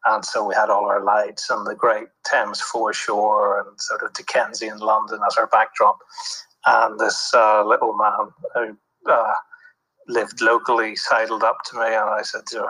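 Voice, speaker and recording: A man's voice: fairly low pitch, flat delivery, moderate pace, sharp tone, breathy edge, rough recording. A man, a film producer, recounts set stories in an interview, thoughtful and full of fillers. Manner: reflective, with many fillers and restarts. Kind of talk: anecdotal interview talk.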